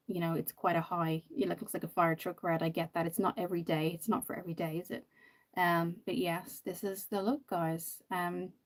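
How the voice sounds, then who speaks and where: A woman's voice: fairly low pitch, a little mellow. Chatty woman hosting a makeup livestream. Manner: chatty, rambling, lots of ums and "you know". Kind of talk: casual livestream chat.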